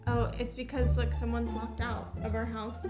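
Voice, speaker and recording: A woman co-hosting a reaction video in casual chat, chatty and quick to laugh. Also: fairly high pitch, flat delivery, over loud music. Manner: chatty, laughs often, talks over others.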